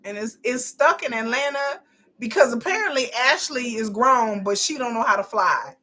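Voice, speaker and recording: A woman's voice: on the high side, lively intonation, moderate pace, sharp tone. A woman in her forties recapping a reality show, blunt and profane, exasperated and repeating herself when riled. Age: 40s. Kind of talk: casual live episode commentary.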